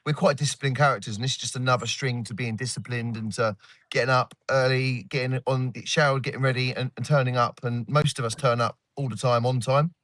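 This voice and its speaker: A man co-hosting a podcast, chatting in a relaxed, teasing way with his friends. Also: medium pitch, a little fast, no echo. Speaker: podcast co-host. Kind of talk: casual chat.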